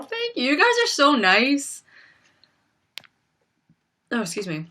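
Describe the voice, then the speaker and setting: A young woman hosting a livestream, softly reading out chat comments and thanking viewers, on a built-in laptop mic at home. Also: a little high, expressive, slow pace, pauses often. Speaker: livestream host.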